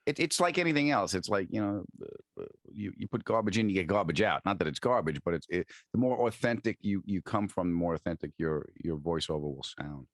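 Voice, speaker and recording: A middle-aged man with a New York accent, a comedian and actor, telling animated stories on a podcast and restarting his sentences often. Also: sits low, a little fast, hardly any pauses, dry recording, clean studio sound. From Long Island, New York. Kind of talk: casual storytelling interview.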